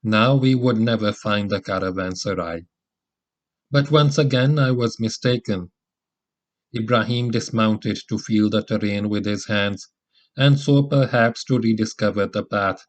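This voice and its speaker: A man reading an autobiographical audiobook in a measured, dramatic storytelling manner. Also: on the low side. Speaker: audiobook narrator. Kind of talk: audiobook narration. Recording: slightly muffled lo-fi recording.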